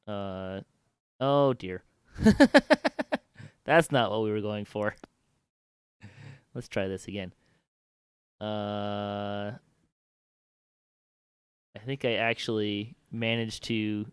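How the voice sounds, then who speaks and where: A man running a tabletop game as game master on a stream, talking in a relaxed, halting way full of fillers. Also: fairly low pitch, clear, resonant tone, no echo, clean studio sound.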